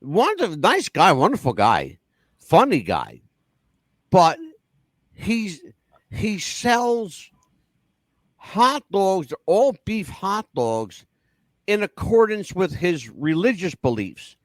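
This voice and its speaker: A man hosting a casual talk-radio show, telling stories with animated, crude and profane patter. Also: high voice, slow, long pauses, dry recording. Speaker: radio host.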